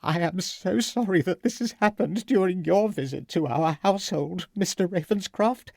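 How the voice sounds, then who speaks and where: A man voicing a distressed, genteel widowed hostess who speaks softly and politely. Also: on the low side, moderate pace, vocal fry, no echo, clean studio sound, voice pushed up. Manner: soft, shaken and polite.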